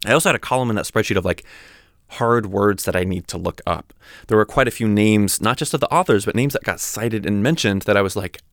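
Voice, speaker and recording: Low, gravelly-voiced man chatting. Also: fairly quick, a bit bright, no echo, clean studio sound. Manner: rambling and chatty, many fillers and restarts. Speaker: podcast host. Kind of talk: casual reflective talk.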